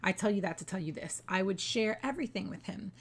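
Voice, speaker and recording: A young adult woman telling a family story to her viewers in casual vlog chat, acting out the dialogue with lively energy. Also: mid-range voice, fast, creaky, husky. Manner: animated, acts out quoted dialogue. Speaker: vlogger and mother.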